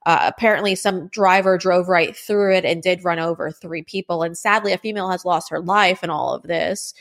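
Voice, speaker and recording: A woman hosting a news commentary show, presenting stories and interviewing a guest in a brisk, direct manner. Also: fairly low pitch, fairly even intonation, fairly bright tone. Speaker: show host.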